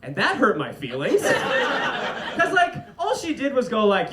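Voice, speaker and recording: A young man doing a stand-up comedy set on stage, with a light, fairy-tale-like voice. He is animated and laughs through his punchlines. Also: very high voice, unhurried. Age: young adult. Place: comedy stage before a live audience. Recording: roomy live venue, loud audience noise.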